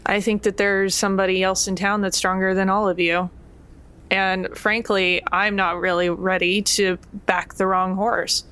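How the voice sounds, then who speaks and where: A woman's voice: medium pitch, little pitch movement, a little slow, pushed and bright, clear, resonant tone. Give me a woman playing a resentful female vampire in a tabletop game, sarcastic and defiant. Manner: challenging, sarcastic.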